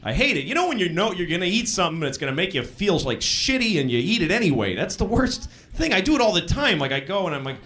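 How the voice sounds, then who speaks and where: A man's voice: high voice, very animated, fast, hardly any pauses, fairly bright tone. A man doing a crude, self-deprecating stand-up routine in a conversational tone. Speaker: stand-up comedian. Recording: live stand-up with audience laughter. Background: audience laughing.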